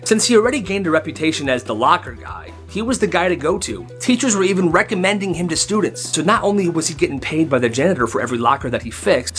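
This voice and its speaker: A man narrating funny school stories in a lively, hyped-up storytime style. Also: fairly high pitch. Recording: faint music behind.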